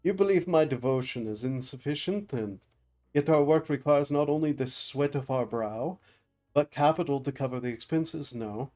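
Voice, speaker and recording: A streamer voicing a composed, formal male merchant goldsmith who argues calmly. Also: mid-range voice, soft background music, lightly acted. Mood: measured. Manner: measured, formal, reasoning.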